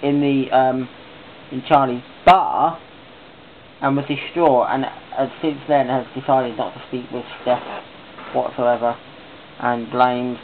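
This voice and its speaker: A man's voice: mid-range voice, little pitch movement, slow pace, long pauses. A man chatting casually in a vlog, rambling and enthusiastic as he talks on. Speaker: vlogger. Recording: tinny phone-like sound with faint hiss.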